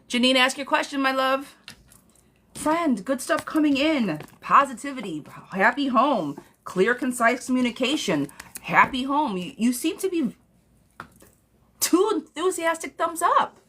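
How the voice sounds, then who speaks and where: Hosting a tarot reading on a live stream, this woman is sassy and blunt, addressing viewers as girlfriend and breaking into high, excited gushing. Her pace is measured, and a little hiss or hum sits in the recording.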